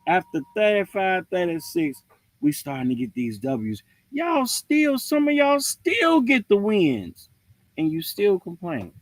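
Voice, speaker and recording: A man's voice: sits high, unhurried, dry recording. A man hosting a livestream, giving a casual, preachy rant with jokes. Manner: animated, preachy, joking. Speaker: livestream host.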